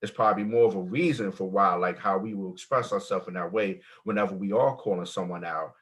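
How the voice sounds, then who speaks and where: A man's voice: deep voice, a little fast, fairly bright tone. A man joining a casual panel discussion, talking loosely with many fillers.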